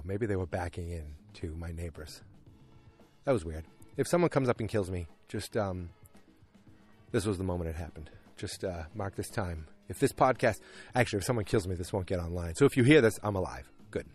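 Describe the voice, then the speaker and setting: Low-voiced man rambling through a recap. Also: a little fast, husky, faint music behind. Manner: rambling, animated retelling with many fillers and restarts. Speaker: podcast host recapping a TV episode. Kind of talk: casual solo podcast recap. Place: at home, alone at night.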